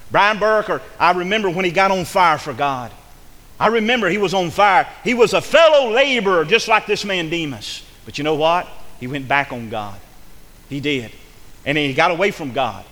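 A male pastor preaches in a bright, high voice. He repeats his phrases and restarts them fervently. The sound rings with long reverb, as in a church hall. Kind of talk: sermon.

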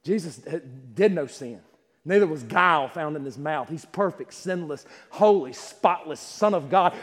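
Preacher guy, high voice, loud then quiet, church echo. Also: moderate pace. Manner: swings from loud climaxes to quiet asides, laughs while telling stories. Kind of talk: sermon. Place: church sanctuary. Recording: long hall reverb.

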